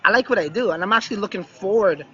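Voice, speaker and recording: A man's voice: high-pitched, expressive, rapid-fire, pushed and bright, lo-fi sound. A man with West Indian roots live-streaming casually from a beach resort, chatty and often asking "right?". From West Indian background. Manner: chatty, repeats "right?" and "yeah, yeah". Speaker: crypto vlogger live streaming.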